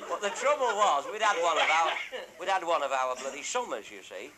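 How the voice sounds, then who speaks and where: An older male storyteller with a high-leaning, sing-song voice spins a rambling comic anecdote at a fast clip. He's earthy and swears freely, acting out the voices of the people in the tale, while a loud hiss runs under the recording.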